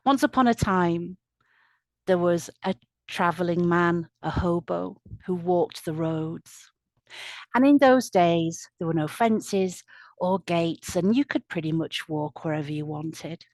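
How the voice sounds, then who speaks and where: A woman storyteller narrating a folk tale in a slow, soothing, lilting way. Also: lowish voice, darkish tone, dry recording. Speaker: storyteller at a community event. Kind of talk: oral storytelling.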